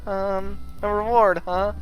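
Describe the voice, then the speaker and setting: A man voicing an excitable, clingy young woman from a game, speaking in a high, squealing, playful voice. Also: takes it slowly, faint music behind. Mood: pleading.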